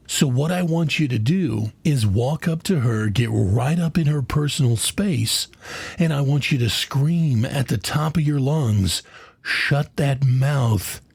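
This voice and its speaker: A man's voice: mid-range voice, moderate pace, vocal fry, darkish tone, husky, no echo. A man giving a satirical mock lecture, mock-earnest, preachy and profane. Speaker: comedian, mock speaker. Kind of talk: satirical mock TED talk.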